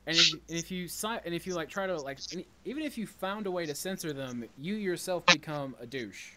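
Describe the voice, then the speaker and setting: A man's voice: on the high side, animated, brisk, heavy background noise. A man in a casual chat about gaming who rambles, restarts often, and speaks bluntly with some profanity.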